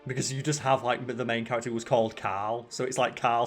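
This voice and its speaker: A man's voice: medium pitch, flat delivery, fast talker, few pauses, faint music behind. A man hosting a let's play, chatting casually and rambling as he swears freely over the game. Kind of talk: casual gaming chat.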